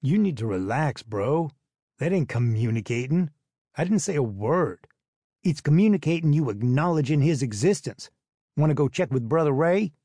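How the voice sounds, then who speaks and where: A man voicing a loud, bossy teenage boy with a thick Southern US twang. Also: on the high side, animated, normal speed, dry recording. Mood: snapping. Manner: bossy, snapping. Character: loud swaggering country teen boy.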